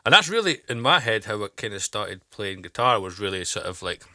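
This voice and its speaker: A man's voice: on the low side, very animated, pushed and bright, no room sound, clean studio sound. A young man reflecting in casual chat, hesitant and searching for words. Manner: halting, full of fillers and restarts. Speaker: podcast co-host.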